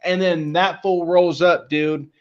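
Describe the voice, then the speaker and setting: A man's voice: a little high, steady tone, takes it slowly, lo-fi sound. A man casually telling a long story on a podcast, rambling and swearing with lots of fillers. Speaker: podcast co-host.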